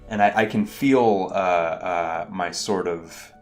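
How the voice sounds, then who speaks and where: A man with a fairly low voice casually explains his approach to game mastering. He rambles, restarts and pokes fun at himself. Soft plucked guitar music plays faintly beneath him. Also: slow. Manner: rambling, self-deprecating, many fillers. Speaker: channel host.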